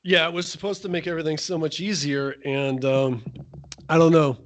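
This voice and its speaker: A man's voice: on the high side, steady tone, moderate pace. A middle-aged man co-hosting a podcast in casual chat, moving from stories to practical business tips. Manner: conversational, steers to practical tips. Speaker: podcast co-host.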